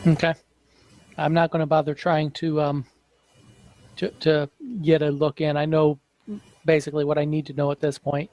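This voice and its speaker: A man playing a tabletop game, reasoning through his character's options out loud. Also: on the high side, monotone, normal speed, long pauses, no room sound, low-quality recording. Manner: thinking aloud, analytical. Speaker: player.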